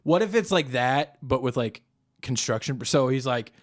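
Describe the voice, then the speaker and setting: A young man co-hosting a comedy podcast, pitching a movie in animated casual chat and often laughing. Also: normal speed. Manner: animated, breaks into high-pitched character voices and laughter.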